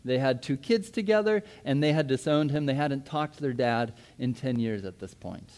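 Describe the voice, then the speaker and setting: A man in his thirties, a pastor giving a sermon, telling a personal story in a lively way and acting out his own past words. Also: mid-range voice, moderate pace. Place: church.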